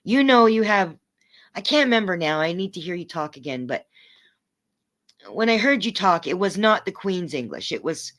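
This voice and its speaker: A woman's voice: lowish voice, big pitch swings, normal speed, fairly bright tone. A woman livestreaming, ranting angrily at her chat and swearing in a confrontational way.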